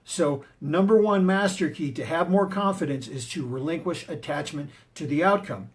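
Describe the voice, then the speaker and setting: A man's voice: on the high side, normal speed. A man giving a motivational talk on confidence, emphatic and punchy, telling personal stories to drive his points home. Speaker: motivational speaker and martial arts teacher.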